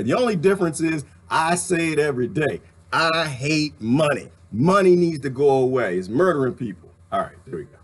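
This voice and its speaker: A man ranting casually to his viewers, laughing often and swinging between loud and quiet. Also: breathy edge. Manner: animated, laughing, ranting, swings high and low. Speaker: vlogger.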